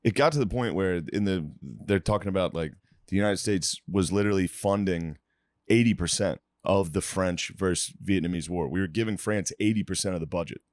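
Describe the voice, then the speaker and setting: A man's voice: low voice, brisk, no room sound, studio quality. A man chatting on a podcast in a blunt, casual way, swearing offhandedly. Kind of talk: casual chat.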